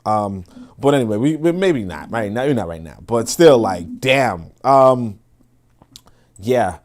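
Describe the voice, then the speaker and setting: A man hosting a casual commentary livestream, profane and laughing often, swinging between loud outbursts and low mutters while talking to his chat. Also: expressive, a little slow. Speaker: livestream host reacting to a video.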